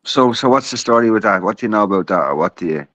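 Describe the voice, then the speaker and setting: A man's voice: on the low side, lively intonation, fast, a bit bright, no echo. An Irish man hosting a podcast in casual chat, asking short prompting questions. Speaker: podcast host. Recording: dull lo-fi sound.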